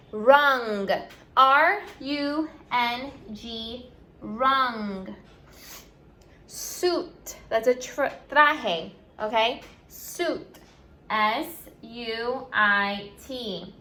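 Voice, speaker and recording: A woman teacher leads an online spelling lesson, sounding words out and spelling them letter by letter. Her voice is bright and a little high, and she speaks at a slow, patient pace.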